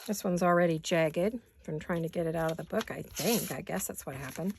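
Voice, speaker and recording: A woman craft vlogger in her home studio, her voice raspy from allergies, chatting casually and self-deprecatingly to viewers while she works. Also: lowish voice, moderate pace, slight background noise.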